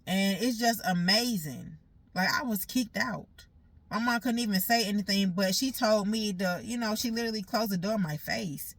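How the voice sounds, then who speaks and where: A woman's voice: medium pitch, moderate pace, no room sound. A woman giving an emotional personal monologue, talking bluntly with lots of swearing and repeating herself, sounding hurt and aggrieved. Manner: blunt, profane and repetitive.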